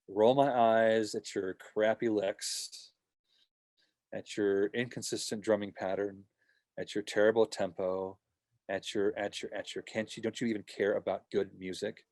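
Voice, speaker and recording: A man's voice: on the low side, fairly even intonation, measured pace, pauses often, darkish tone, dry recording. A man teaching a worship team workshop in a casual, conversational way, often acting out short voiced examples.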